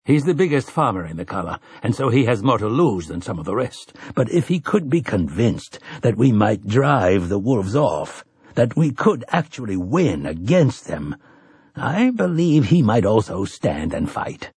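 A man voicing an earnest middle-aged priest who talks quickly and a little pleadingly. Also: on the low side, big pitch swings, a little mellow, husky, dry recording, studio quality, full character voice.

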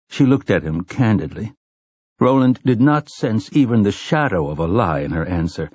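A man reading a novel aloud as an audiobook narrator, expressive and shifting between character voices. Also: on the low side, normal speed, slightly rough, no room sound. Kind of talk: scripted narration.

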